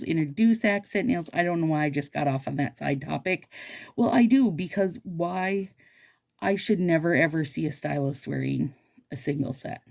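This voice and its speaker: With a fairly low, creaky voice and darkish tone, a woman vlogs about her nails as a nail stylist, bubbly and chatty, addressing her viewers directly as "you guys."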